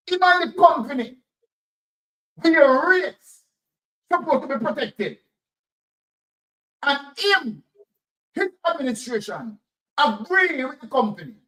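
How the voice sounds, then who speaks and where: A man's voice: extremely high pitch, bright, forceful tone, poor audio. A Jamaican man giving fiery, repetitive political commentary straight to his audience.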